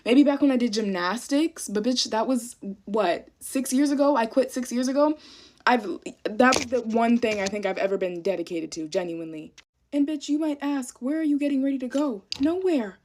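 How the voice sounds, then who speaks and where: A woman's voice: fairly high pitch, animated, moderate pace, a little mellow, a little hiss or hum. Exasperated, profane young woman ranting. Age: young adult. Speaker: college student. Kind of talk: get-ready-with-me rant to camera.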